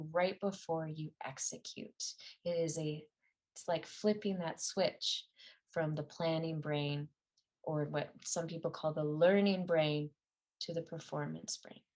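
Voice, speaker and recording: A middle-aged woman teaching a mental-training class, speaking in an earnest, conversational way with some fillers and self-corrections. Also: lowish voice. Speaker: meditation and ski performance teacher. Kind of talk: guided class talk.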